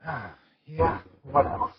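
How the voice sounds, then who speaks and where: An actor voices a gloomy, self-loathing young man who speaks sarcastically and often mutters to himself. His medium-pitched voice is expressive and slow, over heavy background noise in dull lo-fi game audio with music.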